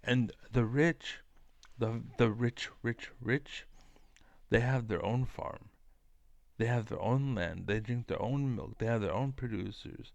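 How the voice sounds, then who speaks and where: A man's voice: medium pitch, takes it slowly, gravelly, no echo, dull audio. A man giving a rambling, profane, combative monologue to camera as a vlogger.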